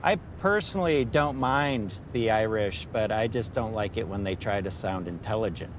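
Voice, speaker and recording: A man doing a deadpan Upper Midwest energy vampire. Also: on the low side, normal speed, slight background noise, lightly acted. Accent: Upper Midwest American. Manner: flat, deadpan, dry questions.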